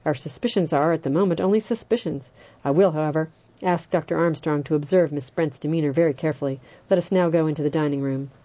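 A woman reading as a calm, precise old judge. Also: low-pitched, highs cut off. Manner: measured, formal, unhurried.

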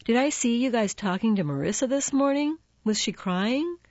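A woman's voice: on the high side, lively intonation, normal speed, darkish tone, no echo, dull audio, pitched above the performer's own voice, lightly acted. A woman voicing a snippy, bubbly teenage girl friend in an audiobook.

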